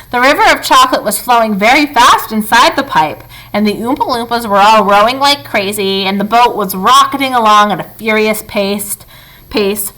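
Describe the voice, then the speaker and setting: A woman reading a children's book aloud in an expressive, lively storytelling manner. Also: medium pitch, low-quality recording.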